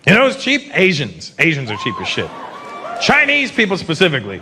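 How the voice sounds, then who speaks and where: A man in his fifties from Canada doing a stand-up comedy set in a large theater, animated and slipping into mocking put-on voices. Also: high voice, brisk. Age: 50s. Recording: live show with crowd noise. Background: laughing audience.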